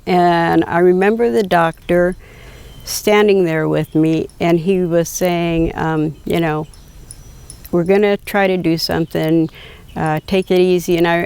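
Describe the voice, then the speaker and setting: An older woman slowly recounting a personal story, quoting others with frequent hesitations and fillers. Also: fairly low pitch, creaky, a little mellow, clear, resonant tone. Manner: slow, reflective, quoting dialogue with hesitations. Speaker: patient telling her story.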